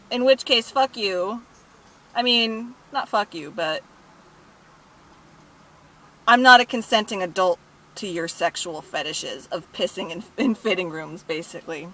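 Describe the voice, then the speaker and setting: A young woman with a high, bright voice rants about a customer at her thrift store job. She swears constantly and tells the story in an indignant, animated way. She talks in a casual vlog style. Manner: profane, indignant, animated retelling.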